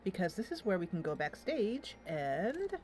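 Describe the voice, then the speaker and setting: A woman's voice: fairly low pitch, big pitch swings, unhurried, darkish tone, faint music behind. A woman hosting a game playthrough, chatting and reading the game text aloud. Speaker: gameplay host. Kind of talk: let's play commentary.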